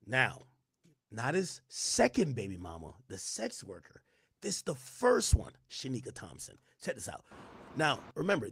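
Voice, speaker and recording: Hoarse man whisper-talking. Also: medium pitch, no echo, clean studio sound. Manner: slangy, loose, switches to whispering. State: losing his voice. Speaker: livestream host. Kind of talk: casual commentary to chat.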